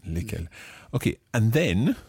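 A man co-hosting a language lesson podcast, explaining grammar slowly and spelling out words in a casual bilingual chat. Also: lowish voice, very animated, vocal fry, a little mellow, husky, dry recording, clean studio sound.

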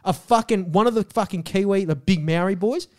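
Young Australian co-host, high voice, swearing mock rant, casual banter. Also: male voice, brisk, a little mellow. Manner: ranting, heavy swearing, mock outrage. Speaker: podcast co-host.

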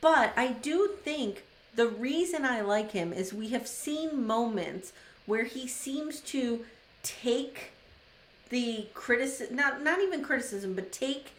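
A woman's voice: on the high side, expressive, slow pace, a little hiss or hum. A woman co-hosting a podcast, giving her opinion in thoughtful, emphatic casual chat and often restarting to find her words. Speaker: podcast co-host. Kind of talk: casual chat recapping a TV episode. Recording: roomy echo.

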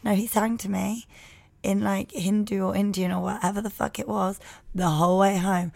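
A hoarse woman chats casually with a gravelly edge, blunt and full of swearing. Her voice sounds close and dry, with no room around it. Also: mid-range voice, brisk, dry recording. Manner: blunt, sweary, animated storytelling. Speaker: podcast co-host. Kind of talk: casual chat.

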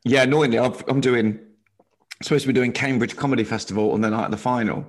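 A man's voice: mid-range voice, steady tone, quick pace. A man, a comedian, telling jokey stories in casual podcast chat.

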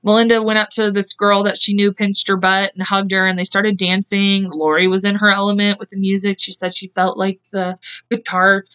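A woman's voice: mid-range voice, little pitch movement, moderate pace, a bit bright, smooth, highs cut off. A young woman co-hosting a podcast, casually retelling a crime case in a chatty way and acting out the quotes. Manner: chatty, acts out quotes, laughs often. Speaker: podcast co-host. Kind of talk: casual true-crime storytelling.

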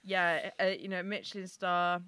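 A woman's voice: lowish voice, fairly even intonation, moderate pace, a bit bright, clear, resonant tone, no echo. A woman co-hosting a podcast in casual chat, earnest and rambling, stumbling over words. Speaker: podcast co-host.

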